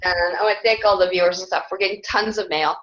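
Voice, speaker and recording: A woman's voice: fairly low pitch, steady tone, fast talker, a bit bright. A woman being interviewed, talking in a rambling, earnest way and laughing often between thoughts. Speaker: interviewee, self-described clan mother. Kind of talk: casual interview talk. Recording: dull lo-fi sound.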